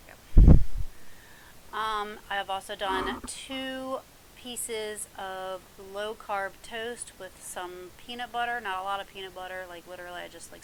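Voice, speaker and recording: This woman speaks at a medium pitch over slight background noise, and the recording quality is low. She's a vlogger filming a mukbang at home with nobody else in the house, talking loosely into a mic in front of her, full of ums and little laughs.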